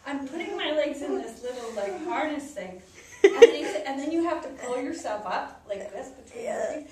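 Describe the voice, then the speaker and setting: A woman's voice: high voice, animated, moderate pace, crowd noise. A woman, a psychiatrist guest, telling a personal story with lots of laughter. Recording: echoey room from a distant mic with background noise.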